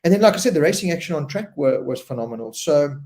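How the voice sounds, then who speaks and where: A man hosting a casual live-stream chat, talking in a loose and animated way and often repeating words as he tells a story. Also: on the high side, quick pace. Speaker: host.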